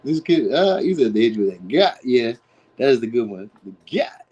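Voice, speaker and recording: A man's voice: mid-range voice, sing-song, normal speed, a little mellow, breathy edge, highs cut off. A man who is a father, giving a casual live tarot reading in a slangy, rambling way. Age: adult, a father. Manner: slangy, rambling, lots of "you know what I mean". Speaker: tarot reader streamer.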